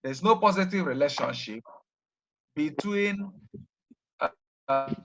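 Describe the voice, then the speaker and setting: A male teacher leads a classroom lesson in a slightly raised voice. He spells out terms carefully and keeps pausing on "what?" for the class to finish his sentences. The recording is a bit muffled and lo-fi. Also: fairly high pitch, animated, a bit bright, a little hiss or hum. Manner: prompts students by leaving sentences open with "what?"; repeats key terms slowly and deliberately. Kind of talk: classroom lecture.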